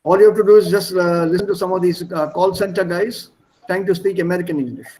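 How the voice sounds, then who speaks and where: A man's voice: sits high, quick pace, darkish tone, low-quality recording. A middle-aged man with an Indian accent teaching an online class over a video call, explaining at length, repeating himself and spelling words aloud. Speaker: language teacher.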